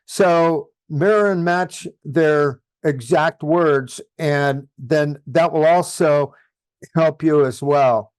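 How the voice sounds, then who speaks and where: A man's voice: fairly high pitch, slow pace, no echo. A man coaching real estate agents in an online training session, reading sample texts aloud with the punctuation spoken.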